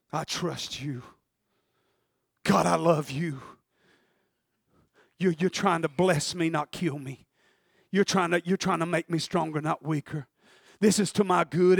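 A man voicing an embattled young king who prays alone, hushed and trusting, before rising to declare his faith. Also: a little high, fairly even intonation, a little slow, gravelly, long pauses, breathy edge, no room sound, studio quality, voice pushed down, exaggerated voice. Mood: hushed prayer.

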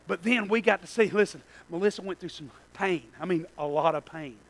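A man, preaching a sermon in a church and telling a personal story that swings from hushed to shouting. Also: sits high, brisk, low-quality recording. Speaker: pastor.

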